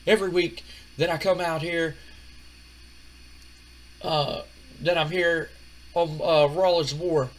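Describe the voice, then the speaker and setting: A man's voice: on the high side, steady tone, slow pace, long pauses, voice pushed up. A man putting on the voice of a tough, cocky, foul-mouthed male wrestler in a backstage interview. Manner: gruff, cocky, defiant delivery.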